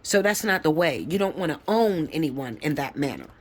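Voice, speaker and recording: A woman's voice: big pitch swings, moderate pace. Blunt, profane woman tarot reader. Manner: emphatic, swoops up high when fired up. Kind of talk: live tarot reading.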